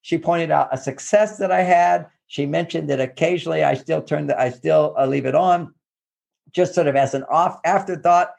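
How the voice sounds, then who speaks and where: A man's voice: fairly high pitch, normal speed, gravelly, darkish tone. A man from Texas, a therapist and relationship author, talking casually and animatedly, often acting out quoted phrases. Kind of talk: casual advice talk.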